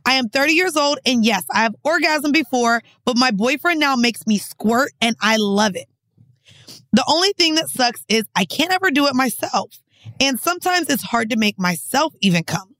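A woman co-hosts a podcast with blunt, brash, slangy talk and frequent swearing. Her voice is high and sits dry and close to the mic. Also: lively intonation, normal speed, fairly bright tone, no echo. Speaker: podcast co-host. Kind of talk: casual chat.

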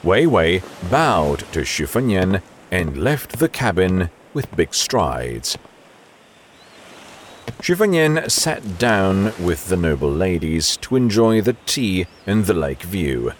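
Deep, slow-reading male narrator. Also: big pitch swings, slight background noise. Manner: measured, storytelling. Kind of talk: scripted audiobook narration.

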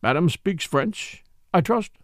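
A self-important French police commissary presses his questions in a formal, insistent manner, voiced by a male narrator. His pitch leaps and dips with emphasis, a touch high, and the sound is close and dry. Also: expressive, takes it slowly, no room sound, full character voice. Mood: pompous. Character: pompous middle-aged French police commissary.

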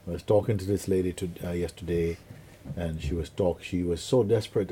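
A middle-aged man gives a spiritual talk to listeners in a very deep, low voice. His tone is dark and mellow. He is unhurried and earnest, and he acts out little quotes and images as he teaches. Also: steady tone, slight background noise.

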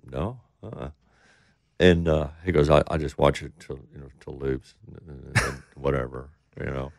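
A man's voice: rumbling low, gravelly, dry recording, clean studio sound. A middle-aged man telling a rambling story in casual talk, acting out the voices of the people he quotes. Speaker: interview guest.

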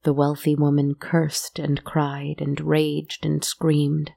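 A woman telling a dark fairy tale in a slow, measured and hushed way. Her voice is low, mellow and heavily gravelly, with little rise and fall. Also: monotone. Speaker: storyteller.

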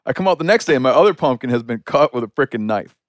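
A man hosting a podcast, telling an anecdote in a chatty, animated way full of "like" fillers. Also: mid-range voice, very fast, no echo. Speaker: podcast host. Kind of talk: casual storytelling conversation.

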